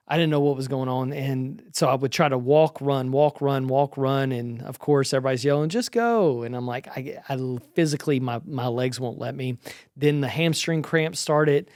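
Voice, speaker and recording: A man's voice: mid-range voice, dry recording, clean studio sound. A man in his forties casually recapping his own race, chatty and self-deprecating, with lots of ums and restarts. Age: 40s.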